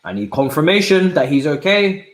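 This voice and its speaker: A young man reacting live to a football match, swinging from low muttering to loud shouts and using plenty of slang. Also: sing-song, moderate pace, reverberant, poor audio. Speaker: football watch-along streamer. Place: indoor room at home.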